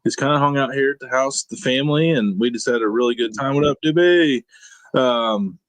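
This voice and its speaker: A man's voice: mid-range voice, brisk, no echo. Man, co-host, casual chat, joking, laid-back, dry recording. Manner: laid-back, joking, lots of shout-outs.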